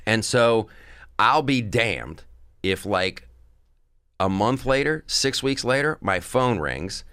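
Middle-aged male comic guest, animated storyteller, bright voice, dry sound. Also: on the low side, slow pace, clear, resonant tone, dry recording. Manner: animated, acts out quoted voices. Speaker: guest comedian. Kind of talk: casual storytelling.

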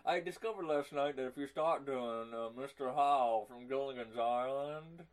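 Chatty man, animated podcast co-host. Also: mid-range voice, moderate pace, poor audio. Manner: animated, laughs easily, breaks into silly impressions. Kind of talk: casual chat.

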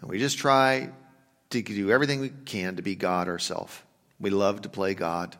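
A male pastor preaching a sermon, moving between hushed, slow reflection and loud, emphatic urging. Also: lowish voice, fairly even intonation. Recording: long reverb of a large hall.

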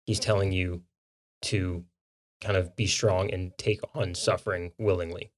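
A man's voice: deep voice, flat delivery, a little slow. A man co-hosting a podcast, explaining ideas plainly and affirming the others often in a casual faith discussion. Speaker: podcast co-host.

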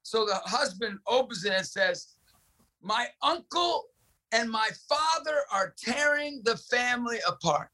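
A middle-aged man telling a story with intense, preachy passion and shouting for emphasis. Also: extremely high pitch, expressive, a little slow. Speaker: guest, ministry director. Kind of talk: impassioned storytelling.

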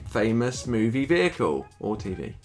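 A man's voice: lowish voice, very animated, moderate pace, loud music behind the voice. A man co-hosting a casual podcast, giggly and rambling, swearing now and then. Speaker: podcast co-host. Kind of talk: casual chat.

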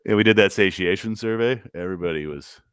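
Male co-host, low deep voice, dry humor, casual podcast chat, close dry mic. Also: quick pace, smooth, no echo. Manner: dry, joking, relaxed storyteller. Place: podcast studio.

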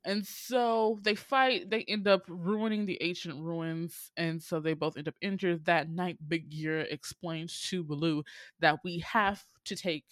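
A casual host recapping a cartoon plot in slangy, rambling speech with lots of fillers. The voice sits at a middle pitch and is recorded dry and close. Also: fairly even intonation, a little slow, fairly bright tone, dry recording.

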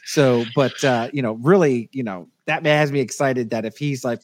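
A man's voice: medium pitch, moderate pace, few pauses. A man co-hosting a casual podcast chat, rambling with lots of fillers and restarts. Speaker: podcast co-host.

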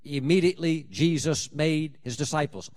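A man delivers a fervent sermon in a fairly high voice. He preaches emphatically, with dramatic swings in loudness and pitch. He often acts out prayers and scripture in quoted voices. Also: moderate pace.

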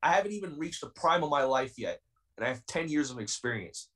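A man's voice: on the high side, lively intonation, fairly quick, a bit bright, distant mic, rough recording. A young man in his twenties, a pro wrestler being interviewed on a podcast, talking in a heated, defiant and intense way. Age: 20s.

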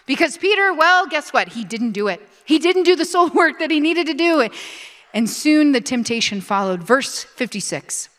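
A high-voiced woman pastor preaches with lively, animated energy and calls on the congregation to answer her. Her voice carries a long reverb, like a church hall. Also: normal speed. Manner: animated preaching with call-and-response. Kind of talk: sermon.

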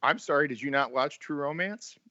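A man's voice: fairly high pitch, brisk, pushed and bright, no room sound, lo-fi sound. A man hosting a casual movie podcast, joking around and tripping over his words now and then. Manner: jokey, stumbles and repeats words. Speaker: podcast host.

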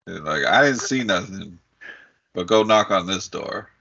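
A man's voice: sits low, animated, unhurried, creaky, pushed and bright, slightly rough, no echo. A man co-hosting a podcast, making laid-back side comments in casual movie chat. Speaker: podcast co-host. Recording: dull lo-fi sound.

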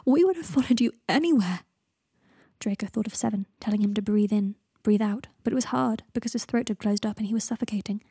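Woman reading fanfic aloud, breathy voice, dry close sound. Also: mid-range voice, little pitch movement, fast talker, few pauses, mellow, dry recording. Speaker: narrator. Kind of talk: fan fiction audiobook narration.

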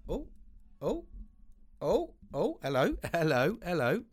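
A man's voice: fairly high pitch, slow, slightly rough. A man hosting a podcast, giving a casual, sweary motivational talk into a home mic setup. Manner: heavy swearing, animated, acts out quoted people. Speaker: podcast host.

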